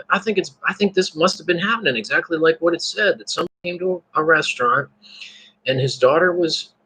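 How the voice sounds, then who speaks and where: Raspy bright-toned man rambling to viewers. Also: a little high, poor audio. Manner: rambling, repeats words and restarts, laughs to himself. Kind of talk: casual spoken monologue.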